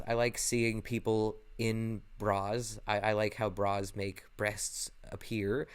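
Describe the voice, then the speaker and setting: A man's voice: lowish voice, smooth. A young man talking candidly to camera in a casual personal vlog, rambling a little and correcting himself often. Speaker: vlogger.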